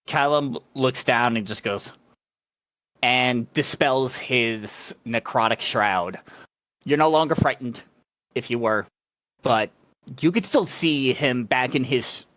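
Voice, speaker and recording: Game master, slow descriptive narration, dry close mic, relaxed player talk. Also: medium pitch, dry recording.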